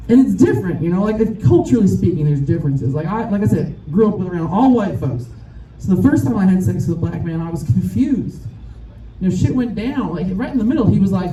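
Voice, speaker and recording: A woman's voice: mid-range voice, lively intonation, quick pace, mellow, slight background noise. Bawdy woman comic at a live show. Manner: bawdy, frank and self-mocking, laughing through lines. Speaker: stand-up comedian. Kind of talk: stand-up comedy set. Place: rooftop of a music club at a live show. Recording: echoey, distant, with a live crowd.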